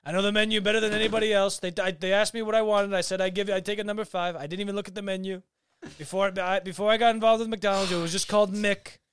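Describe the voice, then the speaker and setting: A man's voice: high-pitched, level tone, rapid-fire, a bit bright, clean tone, no room sound, studio quality. A man doing an impression of a boastful older politician, repeating superlatives.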